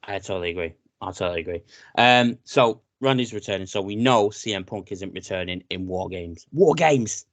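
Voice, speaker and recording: A British man co-hosting a casual wrestling podcast, chatty and excitable, often saying "mate". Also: sits low, fairly quick, no room sound. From Britain. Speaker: podcast co-host.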